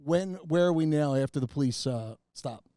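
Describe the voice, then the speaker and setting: A man's voice: on the high side, normal speed, mellow, no room sound, clean studio sound. A man co-hosting a podcast who keeps cutting in with eager follow-up questions. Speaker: podcast co-host. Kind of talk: casual podcast chat.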